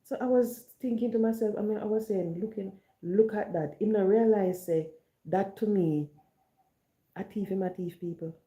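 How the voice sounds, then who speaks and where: Jamaican woman with a dark, roomy sound. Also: mid-range voice, normal speed. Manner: storytelling, mixing patois and standard English. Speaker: online chat host. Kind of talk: casual monologue to viewers. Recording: roomy echo.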